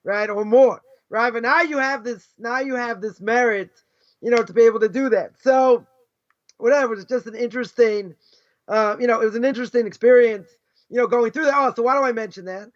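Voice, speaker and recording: High-voiced rabbi, chatty. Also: male voice, fairly quick. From United States. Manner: chatty, peppers talk with "right?" and "you know", asks rhetorical questions. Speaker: rabbi teaching a class. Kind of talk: casual conversational Torah lesson. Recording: dull lo-fi recording.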